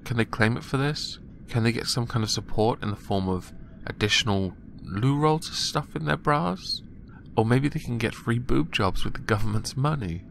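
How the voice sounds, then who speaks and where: A man's voice: mid-range voice, normal speed, creaky, a bit bright, a little hiss or hum. A man giving casual, mocking commentary on news stories, sarcastic and chuckling at his own jokes. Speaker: commentary vlogger.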